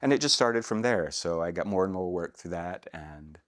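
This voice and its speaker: A middle-aged man from Atlanta, Georgia, working as a voice actor, telling stories in a relaxed way in a casual interview and laughing easily. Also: low voice, moderate pace. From Atlanta, Georgia, USA. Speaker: guest, voice actor.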